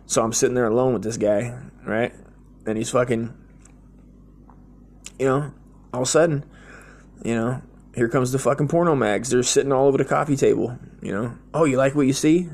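A man with a gravelly, fry-tinged voice at an ordinary middle pitch, talking through a crude comic monologue. He rambles loosely and keeps dropping in "dude" and "man". His tone is blunt, slangy and joking throughout. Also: a little mellow. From United States. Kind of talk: profane comedic monologue.

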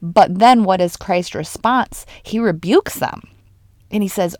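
A woman co-hosting a casual faith podcast, retelling stories in an animated, lively way. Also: medium pitch, a little slow. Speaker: podcast co-host.

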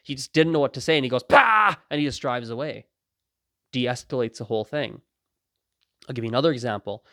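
A man's voice: mid-range voice, quick pace, no room sound, clean studio sound. A man hosting a podcast, talking casually and acting out the voices of people in his stories. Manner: animated, acts out quoted voices, laughs often. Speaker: podcast host. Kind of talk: casual monologue.

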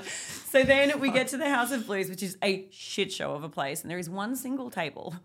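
A woman's voice: medium pitch, expressive, normal speed, few pauses. An Australian woman, a podcast guest, telling stories casually, laughing often and swearing freely. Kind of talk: casual storytelling.

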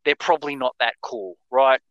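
Bright, lively Australian man ranting. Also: mid-range voice, moderate pace, no echo, highs cut off. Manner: animated storyteller who acts out the people in his stories, swears freely. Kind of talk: casual chat, storytelling rants.

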